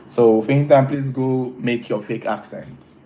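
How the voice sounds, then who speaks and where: A man's voice: mid-range voice, mellow, a little hiss or hum, low-quality recording. A man hosting a casual live stream, chatting with viewers, teasing them and laughing often. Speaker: livestream host reading chat.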